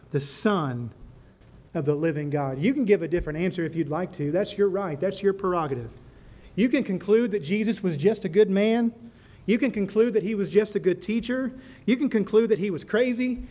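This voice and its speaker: A high-pitched man preaching to a church congregation. He keeps putting rhetorical questions to the room and answers them himself, and he tells a story to drive his point home. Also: a little mellow. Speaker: pastor. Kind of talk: sermon.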